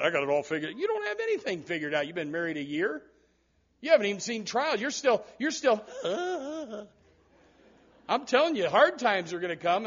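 A male pastor preaching a sermon in church, animated, with repeated words and sudden loud rises. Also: high voice, slightly rough, dull audio.

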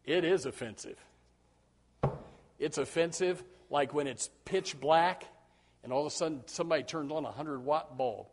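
A man's voice: on the high side, normal speed. A man preaching a sermon to his congregation, acting out quoted voices and repeating words as he builds his points. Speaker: pastor.

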